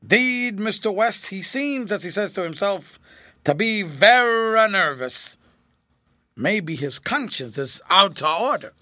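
A plain-spoken old servant speaks in broad dialect, as a narrator puts him on. The voice sits high and bright, with lively swings. Recorded close and dry. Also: male voice, takes it slowly, no room sound, full character voice. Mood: wry.

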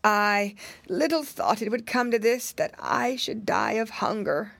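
A woman's voice: medium pitch, lively intonation, unhurried, creaky, a bit bright, dry recording, voice pushed up, exaggerated voice. A woman reading a storybook aloud, voicing a starving imprisoned man who answers in a weak voice. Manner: weak, faint.

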